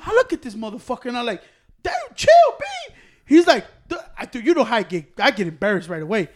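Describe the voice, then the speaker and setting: A young man spins a profane, animated story for his friends, cursing freely and laughing as he goes. His voice sits high for a man. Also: racing, a little hiss or hum. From Hispanic American.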